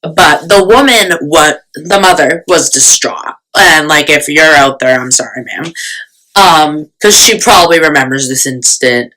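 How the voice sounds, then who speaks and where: A woman's voice: sits low, unhurried, sharp tone, low-quality recording. A young woman vlogger telling a storytime in casual, chatty talk, full of fillers and self-mocking asides.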